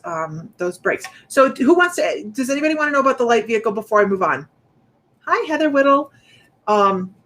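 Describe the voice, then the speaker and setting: A woman's voice: a little high, fairly bright tone, a little hiss or hum. A woman hosting a casual psychic livestream, rambling and chatty, a bit out of breath as she greets viewers by name. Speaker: psychic medium host.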